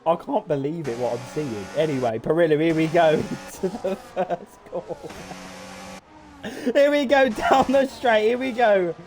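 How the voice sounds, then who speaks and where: A man giving excitable, swear-filled live commentary on a sim race, often laughing in disbelief. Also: high-pitched, measured pace, a little hiss or hum.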